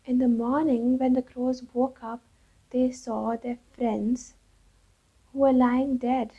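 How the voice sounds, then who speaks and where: A woman tells a children's fable expressively, adding sound effects. Her voice is slow, husky and dark. The recording is dull and lo-fi. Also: high voice, level tone. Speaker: storyteller. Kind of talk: children's storytelling.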